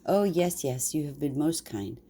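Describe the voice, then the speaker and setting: An older woman voicing a gentle, homesick male country mouse in a bedtime story, speaking softly and earnestly. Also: deep voice, lively intonation, a little slow, slightly rough, exaggerated voice. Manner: soft and earnest.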